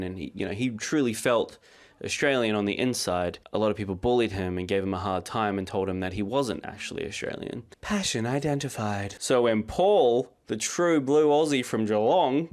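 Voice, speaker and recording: A dry-humored man narrating commentary with a lowish voice. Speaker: video essay creator.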